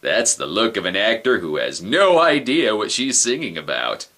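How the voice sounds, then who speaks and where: A man's voice: fairly low pitch, very animated, moderate pace, over music. A man hosting a comedic movie review, sarcastic and wisecracking. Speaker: film reviewer host.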